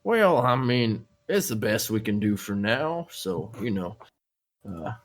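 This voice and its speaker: A man's voice: fairly low pitch, sing-song, takes it slowly. A man playing a tabletop game, speaking hesitantly with many fillers. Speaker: player.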